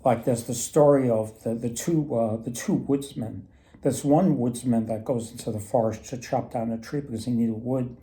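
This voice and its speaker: Rambling man with a very dark voice. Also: mid-range voice, normal speed. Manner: rambling, many restarts. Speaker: storyteller and mythology presenter. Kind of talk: casual storytelling talk.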